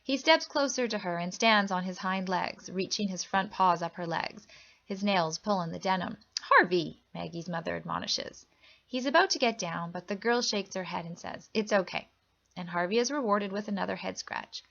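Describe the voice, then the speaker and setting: A woman reading a children's picture book aloud, telling it gently and expressively. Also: normal speed, creaky, highs cut off. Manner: gentle, expressive storytelling that lifts pitch for characters' lines. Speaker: storybook reader.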